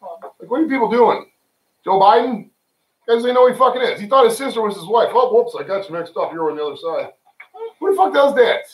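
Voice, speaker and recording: A male livestream host, voice sitting high with lively intonation and a slightly quick pace, rambles casually with friends at home. He is profane and joking, totally off the cuff, and the mic picks him up from a distance in a roomy space.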